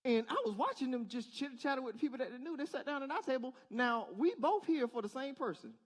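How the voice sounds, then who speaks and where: A man's voice: extremely high pitch, lively intonation, fast talker. A male pastor giving a conversational sermon in church, asking the congregation rhetorical questions in a casual, direct way. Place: church service.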